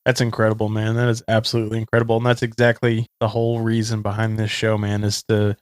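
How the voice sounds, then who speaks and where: Young guy hosting a podcast, smooth clear voice, pretty flat delivery, dry sound. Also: on the low side, quick pace, dry recording. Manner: earnest, conversational, says "man" often. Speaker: podcast host. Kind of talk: casual chat.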